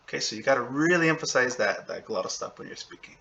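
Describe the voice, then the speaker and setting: Guy teaching a language lesson on video, bright voice, chatty, keeps saying okay right, kinda dull lo-fi audio. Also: medium pitch, animated, vocal fry. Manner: conversational, thinks aloud with fillers, checks in with "okay?" and "right?"; drops into spoken examples and sounds out words slowly. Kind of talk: casual video lecture.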